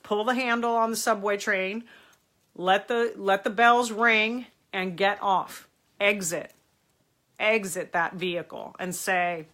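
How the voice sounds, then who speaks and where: A woman from the United States hosts a live advice stream, talking straight to her viewers. Her voice is bright and clear at a middle pitch. Her delivery is animated and emphatic, with points pressed home. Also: slow pace. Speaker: host.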